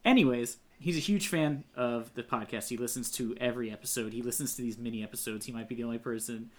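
A man's voice: medium pitch, fast talker. A man hosting a movie podcast, chatting and joking with restarts. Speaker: podcast host. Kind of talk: casual chat.

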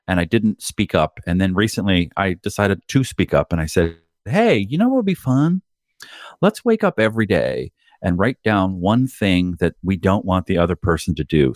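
Low-voiced man telling candid, profane stories. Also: no room sound, studio quality. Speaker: podcast co-host. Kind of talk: casual chat.

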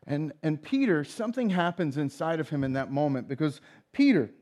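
A man's voice: fairly high pitch, lively intonation, brisk, darkish tone. A male pastor giving a sermon, retelling a story and acting out the characters' lines. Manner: storytelling, acts out voices in retelling.

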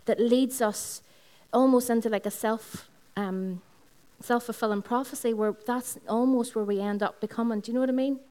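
A woman's voice: fairly high pitch, mellow. A woman pastor with a Northern Irish accent preaches at a Sunday service in a school hall. She tells personal stories, repeats phrases and speaks directly to the congregation. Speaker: lead pastor. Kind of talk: sermon.

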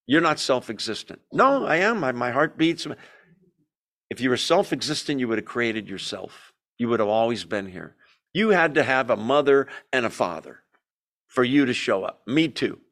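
A man's voice: mid-range voice, lively intonation, moderate pace, fairly bright tone. A man teaching a Bible study in a conversational way, asking the group questions and telling the story with energy.

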